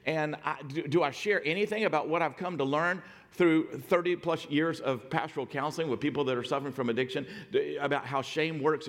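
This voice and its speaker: A middle-aged man pastor delivering a sermon in a big hall with a long echo tail. His voice sits a little high for a man, and he swings from near-whispered storytelling to forceful, emphatic declarations. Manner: storytelling, dynamic swings from hushed to loud emphatic.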